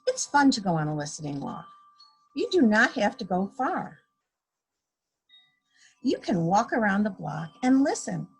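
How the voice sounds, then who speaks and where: Husky, slow woman reading a storybook. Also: medium pitch. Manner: slow, expressive read-aloud with animal sound effects. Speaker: guest story reader. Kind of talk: reading a children's picture book aloud. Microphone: video call.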